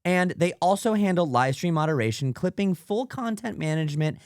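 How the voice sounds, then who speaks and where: Animated man, frustrated podcast co-host. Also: high voice, brisk, clean tone, dry recording, studio quality. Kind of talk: casual sports podcast chat.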